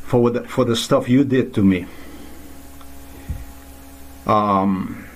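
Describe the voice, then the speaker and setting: A man's voice: lowish voice, takes it slowly, pauses often. A man delivering an angry, profane, rambling monologue to the camera, often restarting his sentences.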